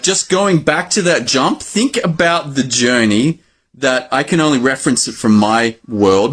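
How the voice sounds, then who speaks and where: A man in his forties with an Australian accent, a doctor giving an animated educational talk to fellow doctors. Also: mid-range voice. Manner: animated, acts out his own exclamations.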